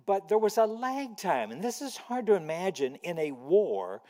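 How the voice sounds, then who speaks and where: A man's voice: high voice, big pitch swings, normal speed, mellow. An older man giving a storytelling lecture to a library audience, acting out quoted voices as he tells anecdotes. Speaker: guest speaker. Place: library auditorium. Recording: long hall reverb.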